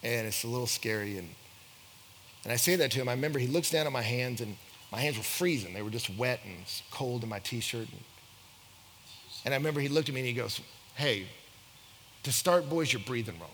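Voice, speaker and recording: A young man telling a story to an audience, acting out the quoted lines with big jumps in pitch and loudness. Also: quick pace. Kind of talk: animated storytelling talk. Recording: echoey hall with faint noise.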